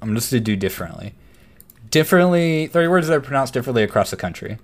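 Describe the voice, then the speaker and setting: A man's voice: mid-range voice, big pitch swings, racing. A young man co-hosting a casual podcast, teasing his friend, reading from a list and laughing often. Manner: reads aloud from a list. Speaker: podcast co-host. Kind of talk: casual chat.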